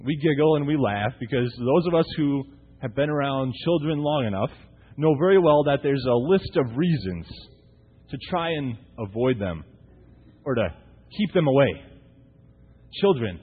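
A man's voice: mid-range voice, animated, moderate pace, husky. A man in his thirties preaching a conversational, humorous sermon as pastor, often asking the congregation rhetorical questions. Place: church sanctuary. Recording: tinny, echoey church recording.

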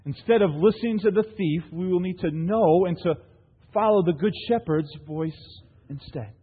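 A man's voice: sits high, normal speed, slightly rough. A man preaching a sermon to his congregation, posing rhetorical questions and telling stories with frequent "right?" tags. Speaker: pastor. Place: church hall. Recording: long hall reverb, thin phone-like sound.

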